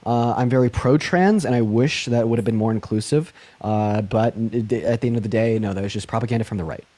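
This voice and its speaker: A young man hosting a live-stream call-in, talking fast with lots of fillers and thanking donors by name. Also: fairly low pitch, warm tone. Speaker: livestream host.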